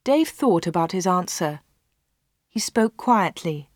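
A woman reading a storybook aloud as narrator, slow and clear, voicing the dialogue. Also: fairly low pitch, no echo, clean studio sound.

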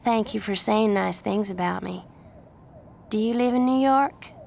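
A woman voicing a gentle young Southern woman who speaks softly and warmly. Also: mid-range voice, measured pace, vocal fry, voice pushed up. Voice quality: soft, gentle.

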